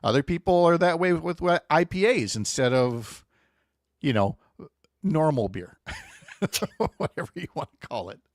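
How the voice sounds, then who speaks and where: Middle-aged male radio host, wry and joking, lively pitch, dry studio sound. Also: a little slow, no echo. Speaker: radio morning show host. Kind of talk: casual radio chat. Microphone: studio microphone.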